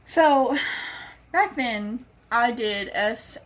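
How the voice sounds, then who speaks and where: Her voice is on the high side and animated, but she talks extremely slowly. This young vlogger rambles through a casual personal story, acting out the people she quotes.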